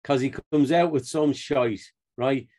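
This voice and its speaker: Man, podcast co-host, chatty storyteller, laughs often, casual talk, medium pitch. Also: unhurried, dark tone, slight background noise. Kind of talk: casual chat.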